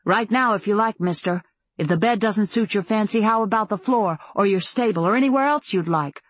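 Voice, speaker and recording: Defiant bitter young woman, sarcastic edge, husky tone, read by a woman narrator. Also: medium pitch, lively intonation, moderate pace, no room sound.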